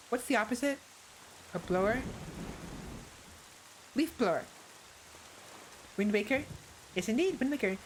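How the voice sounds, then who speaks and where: A woman's voice: fairly high pitch, a little hiss or hum, poor audio. A woman streamer talking casually to her viewers while she plays a game. She rambles, corrects herself and greets viewers by name. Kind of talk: casual live-stream gaming chat.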